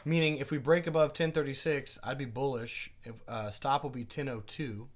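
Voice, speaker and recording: A man teaching a live day trading class, chatting casually, asking his viewers quick questions and reading out their comments. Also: medium pitch, steady tone. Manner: asks quick questions to the audience.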